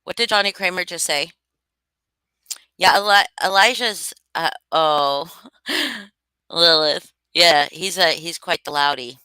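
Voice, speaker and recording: A woman's voice: on the low side, takes it slowly, pushed and bright, smooth, dry recording. A woman hosting a casual live stream, reading chat aloud and chatting loosely with some swearing. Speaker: streamer host.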